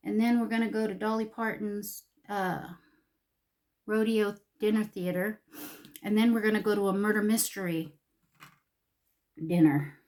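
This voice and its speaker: A woman's voice: mid-range voice, fairly even intonation, unhurried, pauses often, darkish tone. An older woman chatting while getting ready, emotional and confiding, sometimes dropping to a whisper. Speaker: vlogger.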